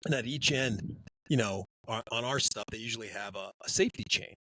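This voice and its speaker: A man's voice: medium pitch, a little fast, rough recording. Rambling man telling a story. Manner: rambling, animated, acts out quotes. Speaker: podcast co-host. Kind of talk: casual storytelling.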